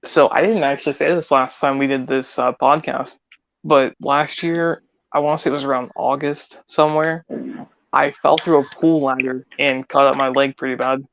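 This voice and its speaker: A man's voice: medium pitch, fairly even intonation, normal speed, creaky, a bit bright. A man co-hosting a casual podcast, talking in a laid-back, easygoing way. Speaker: podcast co-host. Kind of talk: casual chat. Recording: dull lo-fi mic with faint hiss.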